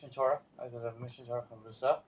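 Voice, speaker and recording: A man's voice: mid-range voice, flat delivery, rapid-fire, lo-fi sound, a crowd in the background. A man, a student, who cuts in eagerly and rambles through his point with restarts. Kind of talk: chatting in class.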